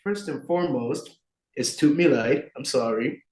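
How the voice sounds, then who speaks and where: A young man co-hosting a podcast, telling a story in a lively way with many fillers. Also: medium pitch, measured pace, echoey room, poor audio. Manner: animated, filler-heavy storytelling. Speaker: podcast co-host. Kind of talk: casual storytelling chat.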